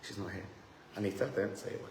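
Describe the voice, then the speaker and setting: A man giving a lively, joking seminar talk as a rabbi, teasing himself and the audience. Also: fairly low pitch, brisk. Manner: animated, joking, self-deprecating. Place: room with a live audience. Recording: echoey hall, faint noise.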